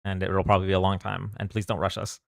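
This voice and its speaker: A young man with a deep, gravelly voice streams live from home, rattling off words at rapid-fire speed in a completely flat delivery. He chats loosely, joking around and greeting viewers by name. The studio-clean audio has no room sound at all.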